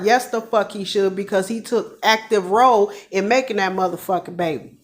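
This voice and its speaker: A woman's voice: fairly high pitch, moderate pace. A woman working as a nurse, giving blunt, profane and heated commentary on a crime case to her viewers. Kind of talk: ranting true-crime commentary.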